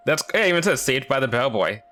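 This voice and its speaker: A man's voice: medium pitch, very animated, fast talker, sharp tone. A man streaming a game, commenting casually in a chatty, profane, self-deprecating way.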